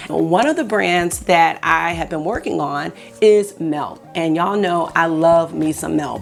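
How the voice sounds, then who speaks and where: Gravelly-voiced woman chatting to viewers. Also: fairly low pitch. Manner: chatty, addresses viewers directly. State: early morning voice. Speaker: beauty vlogger host. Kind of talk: casual vlog chat.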